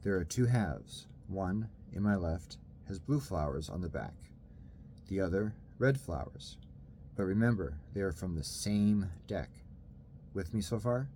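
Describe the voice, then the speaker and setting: A man voicing a gentle young man of about twenty with a soft, clear, reassuring voice. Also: low voice, measured pace, a little hiss or hum. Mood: friendly. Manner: calm, reassuring.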